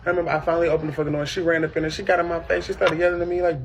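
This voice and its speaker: A man telling a personal story in casual chat, animated and profane, with sudden high shrieking impressions. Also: rapid-fire, gravelly, hardly any pauses. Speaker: podcast host.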